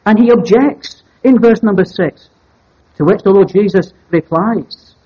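Husky high-voiced male preacher, lo-fi. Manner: measured, deliberate teaching with stressed key words. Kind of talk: evening Bible sermon. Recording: dull lo-fi sermon recording.

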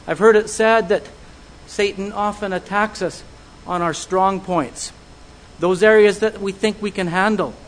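A man preaching a sermon, earnest and measured, putting searching questions to his listeners. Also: sits high, fairly even intonation, rough recording.

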